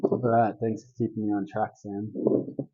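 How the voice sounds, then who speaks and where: A man's voice: lowish voice, level tone, moderate pace, slightly rough, lo-fi sound. A man leading a casual herbalist workshop, talking in a laid-back, rambling way with lots of fillers. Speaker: herbalist leading a group talk.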